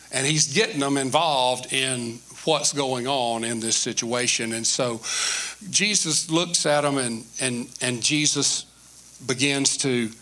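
A man's voice: mid-range voice, bright, forceful tone. A male pastor preaching a sermon in a church, telling the story animatedly with many repetitions and restarts.

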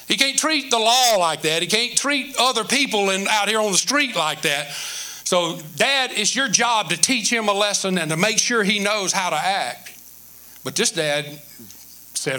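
A man's voice: high voice, big pitch swings, measured pace, bright, forceful tone. A male pastor preaching a sermon in a church, telling the story animatedly with many repetitions and restarts.

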